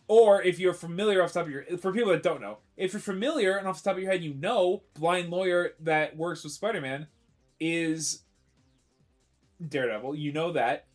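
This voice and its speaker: A man's voice: fairly high pitch, normal speed, faint music behind. A man on a live stream, chatting casually in an opinionated, rambling way and often correcting himself mid-sentence.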